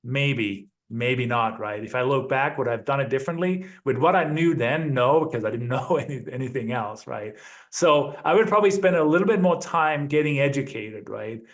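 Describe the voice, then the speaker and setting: Male guest in his 50s, mid-range pitch, measured, checks in with the listener often. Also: animated. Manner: measured, peppers speech with "right?" and "you know". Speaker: interview guest. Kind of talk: interview conversation.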